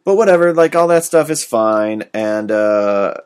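A man with a fairly low voice, talking through a movie in a loose, rambling way. He fills his sentences with "like" and "um" as he chats casually with a co-host. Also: measured pace, clear, resonant tone. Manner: relaxed, rambling, frequent fillers and "like". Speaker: podcast co-host. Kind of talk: casual movie review chat.

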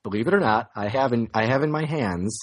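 A man's voice: mid-range voice, expressive, brisk. Brief: man, middle voice, rambling self-mocking podcast storyteller, casual. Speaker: podcast co-host.

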